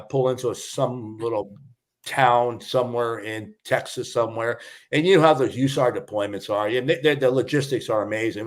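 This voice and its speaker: An older man, a retired fire chief, telling a personal story in a casual interview and acting out the dialogue. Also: medium pitch. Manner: emotional storyteller, acts out quoted dialogue. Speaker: podcast guest, retired fire battalion chief.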